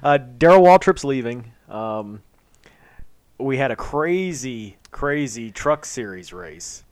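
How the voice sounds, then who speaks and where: A man's voice: mid-range voice, lively intonation, slow pace, a little mellow, smooth, no room sound. A man with a mid-range voice, recorded close and dry with almost no room sound. He rambles through a casual podcast chat, chatty and full of fillers. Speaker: podcast co-host.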